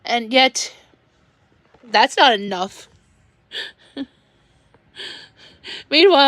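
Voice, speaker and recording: High, slow-talking upset woman venting. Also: fairly bright tone, no echo. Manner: rambling, halting, repeats words while venting. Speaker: livestreamer. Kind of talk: emotional livestream venting.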